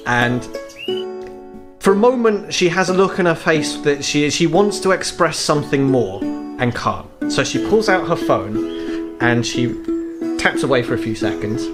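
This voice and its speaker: A man's voice: mid-range voice, measured pace, over music. Man narrating as game master.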